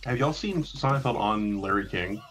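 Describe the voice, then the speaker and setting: A man co-hosting a podcast, chatting casually in an excitable way, often laughing. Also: on the low side, measured pace, loud music behind the voice. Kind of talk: casual chat.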